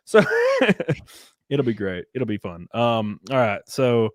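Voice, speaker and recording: A young Southern man hosts a podcast, rambling crudely and casually with plenty of false starts. His voice is fairly low, slow and somewhat dark, captured in clean studio sound with no room echo.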